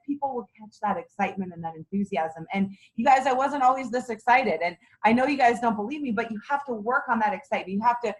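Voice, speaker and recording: A woman's voice: fairly high pitch, fast talker, few pauses, rough recording. A middle-aged woman leading a sales team meeting, giving an enthusiastic, folksy motivational talk on booking.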